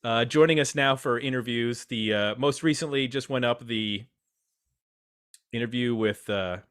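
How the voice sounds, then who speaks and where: A man hosts a casual podcast roundtable in a mid-pitched voice. He is chatty and self-deprecating as he introduces his guests. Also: unhurried, a bit bright, smooth. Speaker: podcast host.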